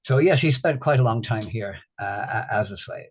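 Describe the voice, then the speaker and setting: A man's voice: fairly low pitch, lively intonation, normal speed, breathy edge. An older man hosting a casual chat, rambling and repeating himself with wry humor. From Ireland. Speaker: host. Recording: dull lo-fi sound.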